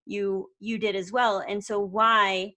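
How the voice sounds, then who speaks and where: A woman's voice: medium pitch, little pitch movement, slow, bright, forceful tone. A woman co-hosting a casual chat, speaking earnestly about her own experience. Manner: earnest, relating.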